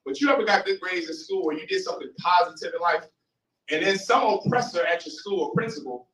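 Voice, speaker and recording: A man's voice: high-pitched, expressive, fairly quick, a bit bright. A man giving an impassioned lecture to a live audience, emphatic and throwing rhetorical questions at the crowd. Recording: roomy hall, mic far off.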